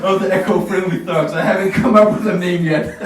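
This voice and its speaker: A man's voice: sits high, steady tone, moderate pace. Man doing stand-up. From Bosnia. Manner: casual, laughing at his own jokes. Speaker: stand-up comedian. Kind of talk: stand-up comedy set. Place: small café stage. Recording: echoey café from far off.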